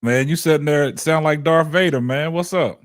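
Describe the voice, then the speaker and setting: A man hosting a casual livestream talk show, loose and lively, reading out viewer donations and taking calls. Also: fairly high pitch, normal speed. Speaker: show host.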